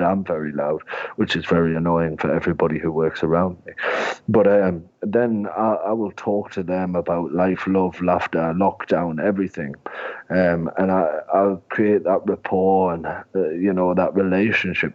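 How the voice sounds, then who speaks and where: A man's voice: low voice, darkish tone. A man, giving long, rambling, self-mocking answers as an interview guest. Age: 20s. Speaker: guest, comedian and sales director. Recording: dull lo-fi sound.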